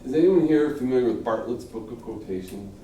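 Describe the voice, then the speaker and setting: A man's voice: medium pitch, expressive, brisk, warm tone. A middle-aged man teaching a class on giving speeches, chatty and casual, checking in with "okay?" and acting out the audience's reactions. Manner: conversational, peppered with "okay?" checks and acted-out reactions. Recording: roomy classroom audio from a distant mic, faint room noise.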